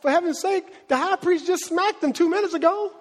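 A crowd of indignant scribes bicker, voiced by a man pitched up high and exasperated. Each line rings out in a long reverberant hall. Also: brisk. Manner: exasperated, incredulous. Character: indignant male scribes, squabbling.

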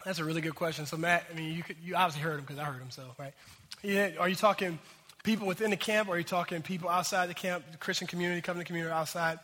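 A man preaching a sermon in an animated, conversational way, talking straight to the congregation. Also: on the high side, rapid-fire. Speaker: pastor. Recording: long hall reverb.

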